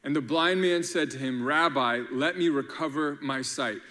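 A man preaching a lively sermon as pastor, playful, acting out quotes and using rhymes. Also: a little high, normal speed, long reverb tail.

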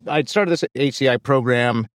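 A man's voice: mid-range voice, moderate pace, no echo, studio quality. A man in his forties, an enthusiastic startup founder telling stories as a podcast guest in casual conversation. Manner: enthusiastic, animated storyteller.

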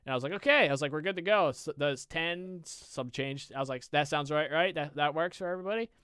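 Smooth, swearing young man telling a story. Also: on the high side, quick pace, a bit bright, no echo. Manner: swears a lot, repeats "I was like", rambling. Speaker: podcast co-host. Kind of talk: casual storytelling chat.

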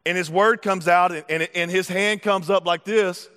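A man preaching a sermon as pastor, lively and conversational, with repeated words and acted-out asides. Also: high voice, normal speed, hardly any pauses, clean tone. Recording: long hall reverb.

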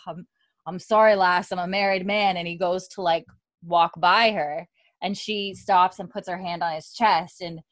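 A woman's voice: mid-range voice, no room sound. A woman talks into a close mic on a video call, dry and up front, with almost no room sound. She retells a TV episode scene by scene in easy, chatty narration. She keeps breaking into quoted lines of dialogue and laughter. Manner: narrates scenes at length, quoting characters and laughing often. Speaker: podcast co-host recapping a TV episode. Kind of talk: animated casual storytelling with quoted dialogue.

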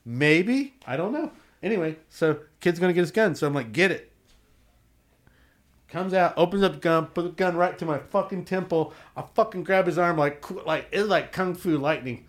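Guy with a fairly high voice, swears freely, tells stories with lively sound effects. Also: normal speed. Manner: profane, animated, acts out quotes and sound effects. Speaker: tattoo artist and shop owner. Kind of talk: casual storytelling.

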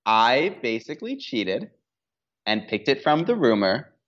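A woman's voice: extremely low pitch, very animated, a little slow. A woman guest on a podcast, chatting casually in a wry, joking manner. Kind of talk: casual chat. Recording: dull lo-fi sound.

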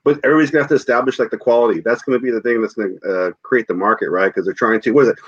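A man co-hosts a podcast, heated and animated, swearing freely. His pitch is ordinary. His audio is dull and lo-fi. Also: very fast. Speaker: podcast co-host. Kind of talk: casual podcast chat.

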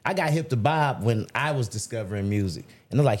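A man's voice: medium pitch, lively intonation, fairly quick, darkish tone. A man in his forties co-hosting a casual podcast chat, laid-back and storytelling, acting out quoted voices. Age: 40s. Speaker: podcast co-host.

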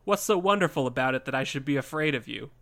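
A man's voice: medium pitch, lively intonation, fast, vocal fry, fairly bright tone. A man voicing a brash, invincible male monkey king who taunts and mocks his enemy while reading a story aloud. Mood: taunting. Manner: mocking, defiant.

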